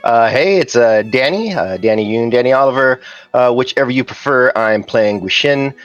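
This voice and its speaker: A man's voice: medium pitch, normal speed, muffled recording, faint music behind. A man introducing himself as a tabletop player in a loose, joking, rambling way over a video call.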